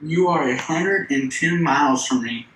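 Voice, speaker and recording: A woman's voice: low-pitched, a little slow, fairly bright tone, echoey room, rough recording. A young adult woman bantering on a stream call, cocky and challenging in a joking way.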